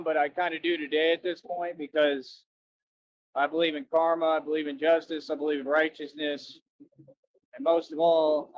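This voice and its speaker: With a fairly high voice and the upper frequencies cut off, a livestreamer talks to his viewers outdoors by a road. He rambles casually, keeps repeating "that's right," and asks for donations.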